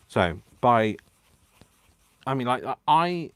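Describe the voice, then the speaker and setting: A man's voice: low voice, moderate pace, dry recording. A man hosting a live crafting stream, chatting in a giddy, rambling way, mocking himself and chuckling to himself. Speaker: crafting livestream host. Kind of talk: casual live crafting chat.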